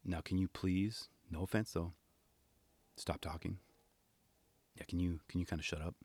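A man's voice: sits low, fairly even intonation, normal speed, a little mellow, husky, no room sound, pitched below the performer's own voice. A man whispering as a teary, pleading filmmaker.

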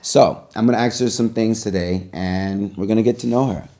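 A man hosting a casual podcast, his voice low and mellow. He asks questions in an easygoing way and laughs easily. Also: normal speed. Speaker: podcast co-host.

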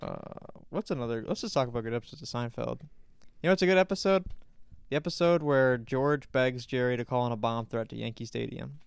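A young man in casual podcast chat, rambling and dropping into quick impressions. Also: medium pitch, creaky, clear, resonant tone. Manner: rambling, does quick impressions of sitcom characters.

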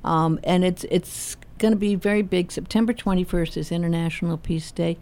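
A woman's voice: fairly low pitch, steady tone, moderate pace, warm tone. A woman hosting a casual interview, chatty and enthusiastic, often asking "right?" and saying "you know". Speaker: show host.

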